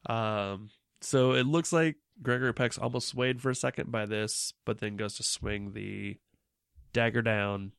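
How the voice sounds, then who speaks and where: A man with a low, gravelly voice and plenty of vocal fry talks through a movie plot in casual podcast chat. His delivery is laid-back and loose, with ums and likes. The sound is dry and close. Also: fairly even intonation, unhurried, fairly bright tone, dry recording. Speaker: podcast co-host.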